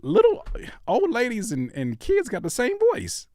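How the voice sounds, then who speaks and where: A man's voice: very high voice, wildly swooping pitch, unhurried, darkish tone. A man hosting a livestream where he reacts to music submissions, talking casually, joking and repeating phrases for effect. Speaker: host reviewing music submissions.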